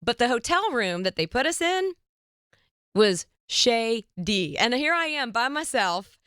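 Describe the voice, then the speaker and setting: A woman hosting a podcast, telling a story in a lively, chatty way and squealing up high when she quotes herself. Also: a little slow, clean tone, no room sound, clean studio sound. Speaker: podcast host. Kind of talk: casual storytelling chat.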